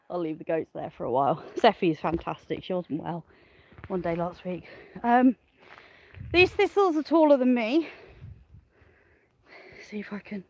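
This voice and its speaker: A woman's voice: fairly low pitch, animated, unhurried, long pauses, darkish tone, low-quality recording. A woman chatting cheerfully to the camera as she walks her farm, laughing often and talking to her animals and viewers. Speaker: smallholding farmer and vlogger. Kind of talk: chatty outdoor farm vlog. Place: outdoors on a farm.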